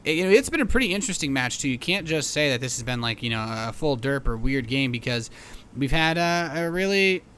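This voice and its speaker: A man's voice: mid-range voice, sing-song, a little fast, bright, forceful tone, slight background noise. A man casting a live match as commentator, chatty and rambling with many fillers and restarts. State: hiccups. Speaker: esports caster.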